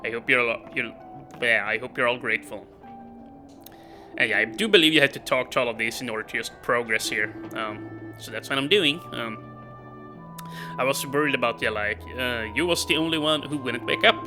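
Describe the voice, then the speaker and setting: A man casually talking through his game, reading the dialogue aloud and laughing often. His voice is very bright and forward. Faint game music runs underneath. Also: medium pitch, fairly quick, low-quality recording. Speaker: let's play gamer.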